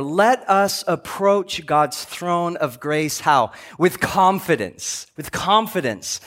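A man's voice: on the high side, a bit bright. A male pastor giving a sermon in a church, telling stories and acting out dialogue with repeated words. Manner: storytelling preacher, acts out dialogue, repeats words.

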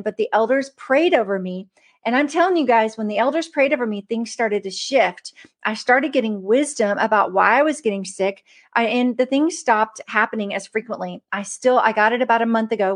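Earnest woman giving a casual devotional. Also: fairly high pitch. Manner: earnest and conversational, often addressing listeners as "guys"; reads scripture aloud. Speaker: Christian livestream speaker. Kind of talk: casual devotional teaching to an online audience.

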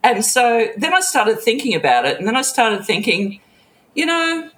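Animated storyteller with lots of laughter. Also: female voice, fairly high pitch, moderate pace. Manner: animated, laughs often, jumps into quoted voices. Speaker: author and music industry veteran. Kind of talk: casual storytelling interview.

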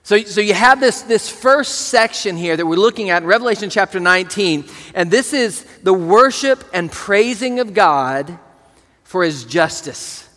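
A man's voice: sits high, lively intonation, normal speed, pushed and bright, long reverb tail. A man preaching a sermon as pastor, earnest and leading the congregation, with words he often repeats.

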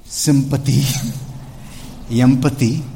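Male pastor, mid-pitched, lively preaching to a congregation. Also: slow pace, vocal fry, a little hiss or hum. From India. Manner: animated, calls out "Hello?" to the congregation, dramatic shifts in loudness. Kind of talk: sermon. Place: church.

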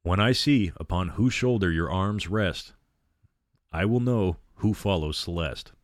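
A man reading aloud, voicing a cruel male vampire who speaks gently and silkily with quiet menace. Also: sits low, measured pace, no echo, clean studio sound. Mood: silky menace. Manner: gentle, silky, quietly threatening.

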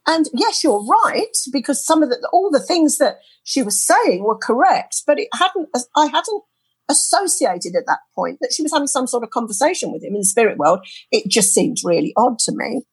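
A middle-aged woman from the UK tells a personal story as an interview guest, bringing the people in it to life with lively quoted voices. Her voice sits a little high and carries a husky edge. The sound is dry and close. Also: moderate pace, dry recording, low-quality recording. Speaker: interview guest, spirit artist. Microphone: headset earphones.

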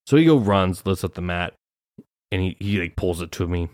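Low-voiced man rambling through a story. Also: lively intonation, moderate pace, darkish tone, no echo, studio quality. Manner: rambling, swears freely, laughs often. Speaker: podcast host. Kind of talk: casual solo storytelling.

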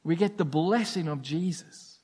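A man's voice: fairly high pitch, unhurried, darkish tone, breathy edge. A man preaching a sermon, earnest and emphatic, pressing his points with urgency.

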